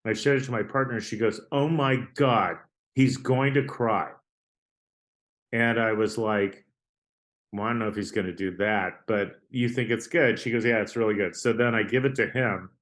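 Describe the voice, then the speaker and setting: A man's voice: fairly low pitch, steady tone, a little fast, a bit bright. A man, an artist guest on an interview podcast, telling stories in a chatty, rambling way, often checking in with "right?". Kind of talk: casual storytelling interview.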